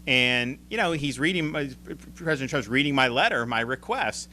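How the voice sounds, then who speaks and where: A man's voice: mid-range voice, normal speed, slight background noise. A man in his forties with an American accent, telling a story at a press event in a rambling, repeating way and acting out the others he quotes. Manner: rambling, repeats words, animated quoting of others. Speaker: state governor. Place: emergency operations center.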